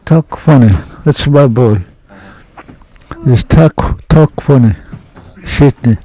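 An older man, telling a hunting story in halting, broken English with short phrases. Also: mid-range voice, mellow, slight background noise, rough recording. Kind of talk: oral history storytelling.

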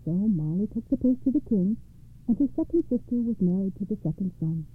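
A woman reading fairy tales aloud in a steady, rhythmic storytelling manner. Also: mid-range voice, a little fast, slightly rough. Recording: tinny phone-like audio.

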